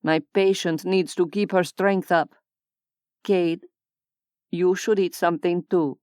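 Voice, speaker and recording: A woman's voice: fairly low pitch, steady tone, takes it slowly, darkish tone, clear, resonant tone, no echo. A woman voicing a bossy, sardonic alien woman medic who gives orders in a dry way, in an audiobook.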